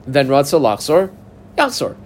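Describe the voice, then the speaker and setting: A man's voice: medium pitch, sing-song, measured pace, darkish tone, a little hiss or hum. A man teaching a Talmud passage, methodically reading Aramaic phrases, translating them and telling learners how to mark up the text. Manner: methodical, guides text markings step by step. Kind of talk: text study lesson.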